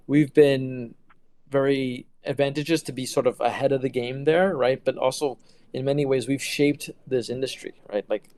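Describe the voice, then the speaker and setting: A man's voice: mid-range voice, darkish tone, clear, resonant tone, no room sound. A middle-aged man answering interview questions about his engineering work in a casual, hesitant way with many fillers and restarts. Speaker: quantum computing engineer.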